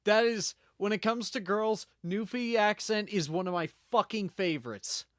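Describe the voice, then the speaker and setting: A man with a Canadian accent, giving casual, excitable commentary while streaming a game and swearing freely. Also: high voice, moderate pace, no room sound, studio quality. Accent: Canadian English.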